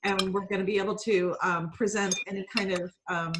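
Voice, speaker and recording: A woman's voice: mid-range voice, fairly even intonation, fairly quick, noisy background. A woman hosting a casual video call, chatting and greeting each guest by name as they join from home. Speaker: founder and host of a networking call. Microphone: computer mic on a video call.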